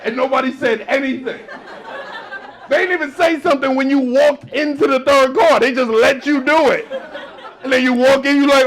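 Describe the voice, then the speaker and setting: A man performs stand-up on a club stage. His voice sits high for a man. He is animated, jumping into loud acted-out outbursts. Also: moderate pace, a faint crowd. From New York. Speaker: stand-up comedian. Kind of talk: stand-up comedy set.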